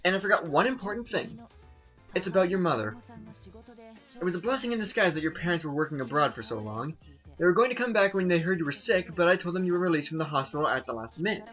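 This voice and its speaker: A man reading the lines of a calm, businesslike woman boss from a game in a flat, steady voice. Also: high-pitched, fast talker, soft background music. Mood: matter-of-fact. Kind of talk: reading game dialogue aloud.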